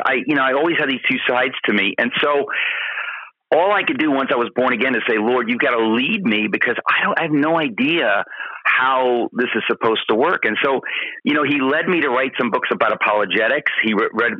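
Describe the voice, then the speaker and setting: A man, a guest author answering interview questions in a lively, storytelling way, acting out the voices he quotes. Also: mid-range voice, no room sound. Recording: dull muffled audio.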